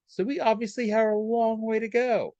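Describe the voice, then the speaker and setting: A man's voice: high voice, little pitch movement, moderate pace, warm tone, no echo, highs cut off. A man hosting a podcast, recapping episodes casually with lots of fillers and asides. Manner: rambling, with many fillers. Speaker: podcast host.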